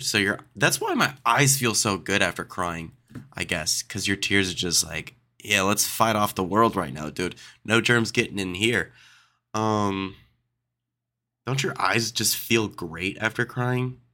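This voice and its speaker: A man's voice: low voice, pushed and bright. A young man hosting a casual solo podcast, reading questions aloud and riffing on them with sarcastic asides. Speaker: podcast host.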